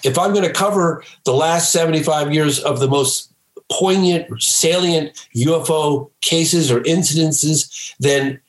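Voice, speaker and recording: A man who is a filmmaker guest on a podcast, telling stories emphatically and breaking into excited shouts. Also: on the high side, measured pace, roomy sound, rough recording. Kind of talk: animated storytelling in a podcast interview.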